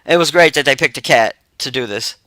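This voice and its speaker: A man's voice: medium pitch, a little fast, pushed and bright, no room sound, rough recording. A man casually recapping a film plot in a rambling, profane way with frequent laughter. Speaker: movie reviewer.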